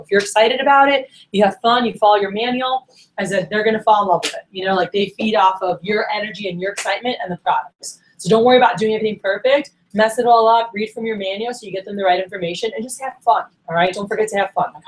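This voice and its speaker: A woman coaching a room of sales managers, energetic and direct, acting out check-in calls with her reps. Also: medium pitch, fast talker, low-quality recording. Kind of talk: training workshop talk.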